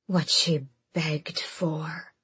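A monstrous bloodhound, put on by a woman narrator, taunts its prey in a hushed, breathy whisper. It draws out every word slowly and menacingly, low and husky. The audiobook recording is close and dry. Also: level tone, dry recording, heavily acted. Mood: taunting whisper. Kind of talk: audiobook narration with voiced characters.

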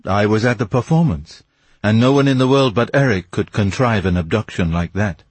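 A man voicing a grave, secretive Persian who speaks slowly and in a measured way. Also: fairly low pitch, breathy edge, no room sound.

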